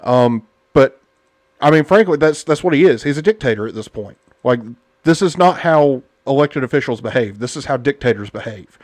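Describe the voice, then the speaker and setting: A man's voice: mid-range voice, expressive, moderate pace, a little mellow, no room sound. Blunt, rambling podcast host man. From United States. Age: adult parent. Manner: rambling, blunt and indignant, many fillers. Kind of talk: casual political podcast chat.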